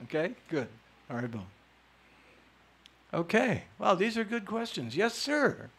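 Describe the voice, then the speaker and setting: A man with a fairly high voice leads a lecture and answers questions from the floor. He talks in an animated, playful way and often teases his listeners. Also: measured pace, husky. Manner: animated, playful, teasing, emphatic. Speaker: spiritual teacher answering audience questions.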